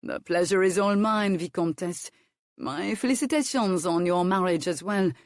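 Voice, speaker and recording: A woman's voice: lowish voice, moderate pace, dry recording, studio quality, lightly acted. A woman voicing a sly young male count who mocks with innuendo and feigned innocence. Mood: teasing. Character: sly, teasing French count, a young man.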